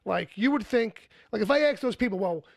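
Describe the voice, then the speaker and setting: A man's voice: very high-pitched, fairly quick, gravelly, dry recording, studio quality. A man hosting a podcast, rambling in casual chat and full of fillers. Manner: animated, filler-heavy rambling. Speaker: podcast host.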